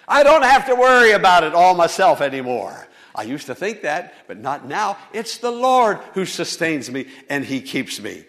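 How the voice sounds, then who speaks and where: A male pastor preaching a sermon to a congregation, swinging from soft, low lines to loud, high appeals. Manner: preaching with dramatic swings in loudness and pitch. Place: church.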